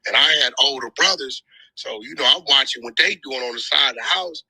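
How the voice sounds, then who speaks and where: A man's voice: medium pitch, fairly quick, breathy edge, dry recording, low-quality recording. A man telling a long personal story in casual, profane street slang. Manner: profane, street slang, animated when joking. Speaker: storyteller guest on a group audio chat.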